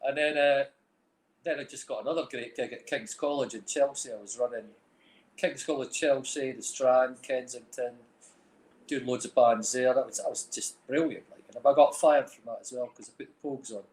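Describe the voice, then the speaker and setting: A man's voice: medium pitch, fairly even intonation, moderate pace, a little mellow. A middle-aged Scottish man with a Dundee accent, rambling through stories as an interview guest, full of "like, you know". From Scotland. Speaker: guest, film director and music manager. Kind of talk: casual chat. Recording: roomy echo.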